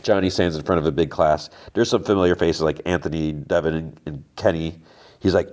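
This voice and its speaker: A man with a very low voice talks through a TV episode in a loose, conversational recap. He rambles along and keeps quoting the characters with "he's like" and "she's like" as he goes. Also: fairly even intonation, fairly quick, darkish tone. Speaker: podcast host.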